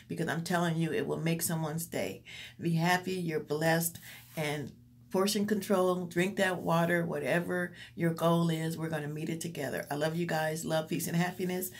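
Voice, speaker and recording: Woman vlogger, low gravelly voice, earnest faith-filled pep talk to her viewers. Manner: earnest, encouraging, preacherly repetition. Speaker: motivational vlogger. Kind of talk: faith-based motivational talk to camera.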